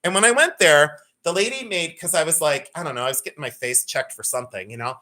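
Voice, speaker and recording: A man's voice: fairly high pitch, lively intonation, fast, bright, forceful tone. A man in his fifties hosting a live jewelry sale, chatting and telling rambling stories to his viewers. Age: 50s. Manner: chatty, rambling storyteller addressing viewers by name. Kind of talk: casual live-stream chat and storytelling.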